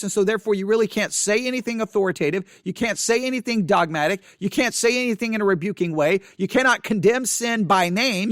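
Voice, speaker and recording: A man reading from an article and commenting on it in an earnest way, often halting and restarting his sentences. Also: sits high, fairly bright tone, no echo, clean studio sound. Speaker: Christian commentator.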